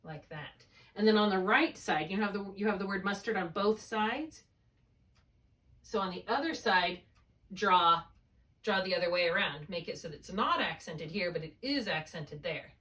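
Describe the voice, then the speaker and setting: A woman's voice: mid-range voice, animated, moderate pace, fairly bright tone, recorded from a distance. A woman tutoring a student one on one, explaining spelling rules patiently step by step and checking often that it makes sense. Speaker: reading tutor.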